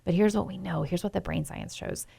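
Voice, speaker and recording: A woman speaking as a parenting coach in a casual conversation, animated and acting out little scenes of what parents might say. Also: on the low side, a little fast, creaky, husky, no echo.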